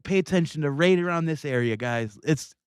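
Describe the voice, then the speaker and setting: A man's voice: a little high, animated, fairly quick, clean tone, dry recording, clean studio sound. Laughing, irreverent male livestream host. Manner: laughs often, chatty and irreverent. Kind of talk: casual commentary on video clips.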